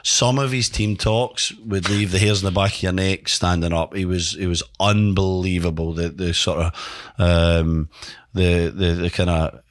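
A man's voice: low-pitched, moderate pace, hardly any pauses. A man in his thirties, a podcast co-host and former footballer, telling stories in casual chat. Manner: animated anecdote-telling with voiced quotes.

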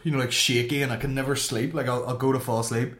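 A man's voice: medium pitch, steady tone, quick pace, a bit bright, reverberant. A man, hosting a podcast, trading crude jokes and laughing banter in casual chat. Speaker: podcast host.

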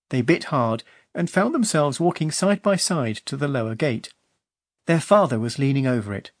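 Man reading an audiobook, steady and even, very dry sound. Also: mid-range voice, moderate pace, no room sound. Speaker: audiobook narrator. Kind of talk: scripted narration.

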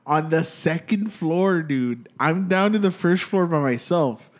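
A man's voice: fairly high pitch, animated, unhurried. A young man telling a spooky story to friends in casual chat, rambling and profane, full of "dude" and restarts.

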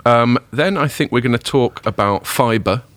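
A man hosting a podcast in casual chat, rambling and self-deprecating, a little hungover and rough-voiced. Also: mid-range voice, measured pace, a bit bright, no room sound. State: hungover, voice a bit deeper than usual. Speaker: podcast host.

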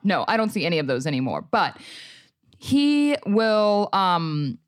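A young adult woman co-hosting a podcast in casual chat, telling stories with quick self-mocking asides. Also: lowish voice, sing-song, dry recording, studio quality. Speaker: podcast co-host.

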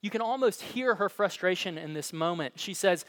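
Man preaching, dramatic hushed storytelling. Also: fairly high pitch, expressive, normal speed, few pauses. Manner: storytelling, dramatic swings between hushed and emphatic. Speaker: pastor. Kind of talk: sermon. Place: church.

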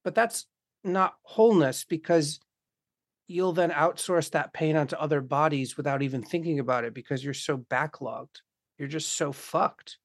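Casting: man, fairly high-pitched, impassioned casual talker who curses freely, close and dry sound. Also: moderate pace, no echo. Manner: impassioned, swears often, acts out quoted voices. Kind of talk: casual conversation.

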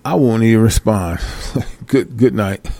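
Gravelly-voiced man ranting with profanity. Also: fairly low pitch, animated, slow, warm tone, no echo. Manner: profane, exasperated, laughs often. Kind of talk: casual ranting commentary.

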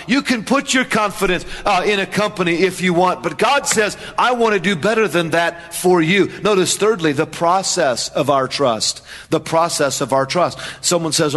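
A man's voice: high-pitched, a bit bright, long reverb tail. A man preaching a sermon as pastor, emphatic, with repeated refrains and questions to the congregation.

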